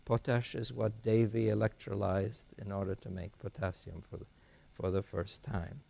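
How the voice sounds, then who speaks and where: Older man lecturing in a gravelly voice. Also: lowish voice, level tone, moderate pace, dark tone. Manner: thoughtful, digressive, with frequent restarts and fillers. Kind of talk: academic lecture. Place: lecture hall.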